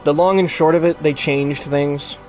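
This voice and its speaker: A man's voice: fairly high pitch, fairly even intonation, moderate pace, a little mellow, faint music behind. A man chatting casually on a live stream, rambling and swearing freely as he rants.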